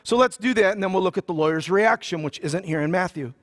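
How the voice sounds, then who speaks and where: A pastor with a fairly high voice for a man preaches to his congregation. He reads scripture aloud and then retells it in loose, joking everyday language. His sermon style is conversational, not formal. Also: quick pace. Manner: casual and joking, with slang asides.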